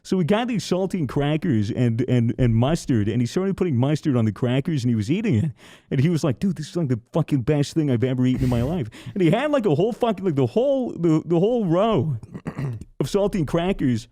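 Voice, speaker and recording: A man's voice: on the high side, big pitch swings, a little fast, dark tone, dry recording, clean studio sound. A young man hosting a podcast, telling a long story in a rambling, profane, casual way with frequent restarts. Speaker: podcast host.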